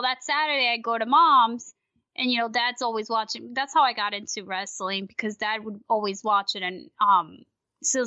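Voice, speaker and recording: A woman guest on a casual podcast, talking in an animated, ranting way and swearing freely. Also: a little high, no room sound. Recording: dry, dull lo-fi sound.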